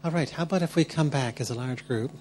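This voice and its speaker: A man's voice: mid-range voice, quick pace, faint music behind. A man leading a church workshop, guiding the group through prayer and then encouraging people to share. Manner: gentle and encouraging, upbeat when calling on people.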